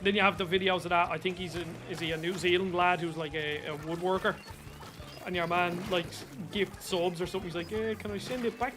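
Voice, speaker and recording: A man's voice: sits high, fairly quick, music in the background. A young Irish man streaming a game, chatting casually, swearing freely and bursting out at the action. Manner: chatty, swears freely, excited outbursts during play. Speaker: gaming streamer. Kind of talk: casual gameplay chat.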